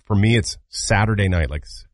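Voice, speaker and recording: A man from Massachusetts co-hosting a casual podcast, playful and lively. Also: on the low side, brisk. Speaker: podcast co-host. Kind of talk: casual chat.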